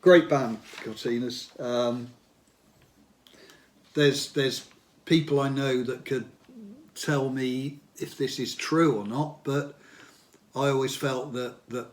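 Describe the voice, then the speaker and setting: A man in his sixties talking casually as he leafs through old magazines. He reminisces in a chatty, unscripted way, hesitating on ums and uhs. His voice sits at an ordinary middle pitch for a man. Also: steady tone. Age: 60s. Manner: chatty and reminiscing, pauses on fillers, gets enthusiastic. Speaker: host looking through old music magazines. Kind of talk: casual spoken commentary.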